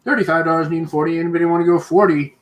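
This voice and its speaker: A man with a fairly high voice hosts a live online auction. He calls out bids in brisk, repeating patter and breaks into easy chuckles. His delivery is quick and informal. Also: fairly even intonation. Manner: brisk, repetitive bid-calling with chuckles.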